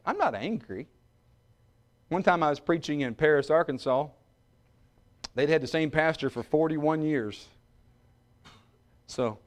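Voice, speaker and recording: A man preaching a sermon, dropping to quiet, joking asides and rising to shouted peaks. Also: on the high side. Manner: humorous, self-mocking asides.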